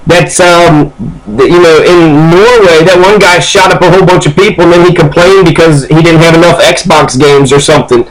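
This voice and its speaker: A man's voice: on the high side, steady tone, normal speed, rough recording. A man from Kentucky giving casual news commentary, reading passages aloud and then reacting with frequent ums and uhs.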